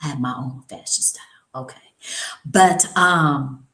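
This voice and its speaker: A woman's voice: a bass voice, unhurried, a bit bright. Chatty middle-aged woman, echoey room. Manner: chatty, folksy, calls listeners honey. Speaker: holistic wellness speaker. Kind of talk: informal health talk.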